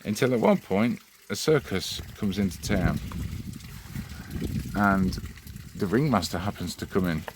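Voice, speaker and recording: Guy rambling on his channel, lowish voice, friendly and loose. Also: animated, a little slow, pauses often, background noise. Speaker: channel host. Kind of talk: casual vlog address.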